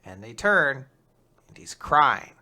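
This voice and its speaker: A young man casually recapping a manga chapter, acting out the characters in quick voices and laughing often. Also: medium pitch, big pitch swings, sharp tone. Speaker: podcast host recapping manga. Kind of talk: casual chat.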